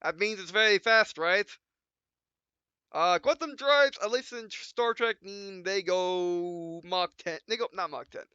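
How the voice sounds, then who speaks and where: A man's voice: high-pitched, a little slow, pushed and bright, clear, resonant tone, dry recording. A man hosting a let's play, rambling casually and correcting himself as he stumbles over words. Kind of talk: casual gameplay commentary. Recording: dull lo-fi dry recording.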